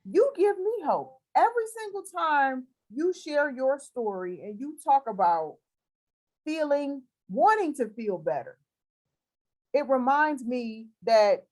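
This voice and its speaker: A woman with a high, bright-sounding voice hosts a faith-based conversation. She speaks in an encouraging, affirming cadence that rises like a preacher's. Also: big pitch swings, takes it slowly.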